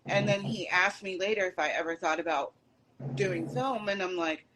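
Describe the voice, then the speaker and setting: A woman's voice: lowish voice, normal speed, noisy background. Chatty woman interviewer telling a story. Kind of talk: casual interview chat.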